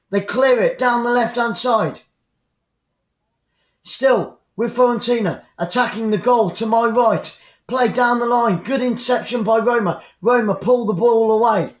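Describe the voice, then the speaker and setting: Man, English accent, live fan football commentary, chatty and excitable, echoey room, dull lo-fi sound. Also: high voice. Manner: chatty, excitable, rambling asides to viewers.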